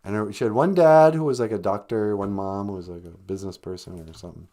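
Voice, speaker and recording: A man hosting a comic podcast, rambling and deadpan with sarcastic asides. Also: fairly low pitch, fast. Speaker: podcast host.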